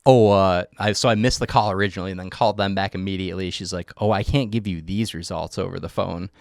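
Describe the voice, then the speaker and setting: A man's voice: low voice, fast talker, vocal fry, no echo, clean studio sound. A young man telling a story on a podcast in casual chat, acting out the people in it. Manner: animated storyteller, acts out quoted voices. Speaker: podcast co-host.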